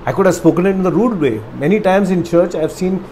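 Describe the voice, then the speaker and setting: A man's voice: high-pitched, quick pace, mellow, slight background noise, low-quality recording. A man teaching a Bible study class, explaining in a conversational way and often checking in with his listeners.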